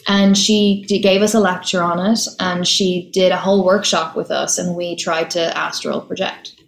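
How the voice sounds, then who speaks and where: Chatty actress in echoey room. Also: female voice, on the low side, flat delivery, vocal fry. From Ireland. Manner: chatty, laughs easily, fast storytelling. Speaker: actress, interview guest. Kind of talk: casual interview chat.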